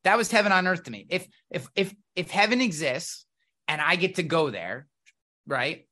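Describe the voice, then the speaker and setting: A man on a podcast, telling blunt, profane stories in a casual, animated way. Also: a little high, normal speed. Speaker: podcast guest. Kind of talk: casual conversation.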